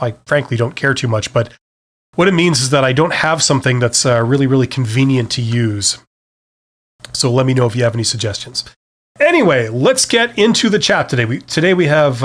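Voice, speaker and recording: A middle-aged man from Canada hosting a live-stream Q&A, talking casually with many fillers and self-deprecating asides. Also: mid-range voice. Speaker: host.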